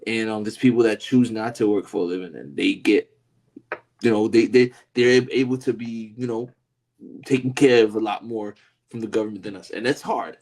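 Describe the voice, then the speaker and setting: A man's voice: lowish voice, normal speed, a little mellow. A man co-hosting a casual podcast chat, laid-back and rambling, always tossing in "you know what I mean" and laughing often. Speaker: podcast co-host.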